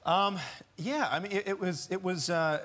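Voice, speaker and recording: A man in his forties, a voice actor talking casually as a talk show guest, animated and quick to slip into character voices. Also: sits high.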